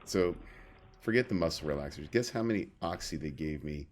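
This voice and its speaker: A man's voice: very deep voice, animated, fairly quick. A man co-hosting a podcast, telling stories in a loose, rambling way. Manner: rambling storyteller, many fillers and restarts. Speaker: podcast co-host. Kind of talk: casual chat.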